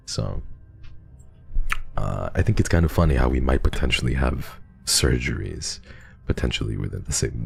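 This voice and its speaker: Very deep, gravelly-voiced man. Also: darkish tone. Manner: halting, stammering, heartfelt. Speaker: streamer. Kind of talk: casual chat reading donations.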